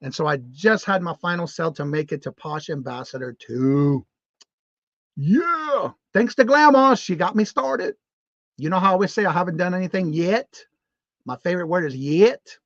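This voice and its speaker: A man's voice: fairly high pitch, animated, brisk, dry recording. A man hosting a casual morning live show, chatty and upbeat, rambling with restarts as he reads viewer comments aloud. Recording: dull, muffled lo-fi stream audio.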